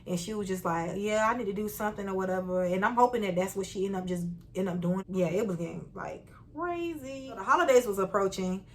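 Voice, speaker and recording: A young woman telling a storytime to her viewers in a casual, animated, slangy way. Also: mid-range voice, quick pace, few pauses, slight background noise. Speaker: vlogger.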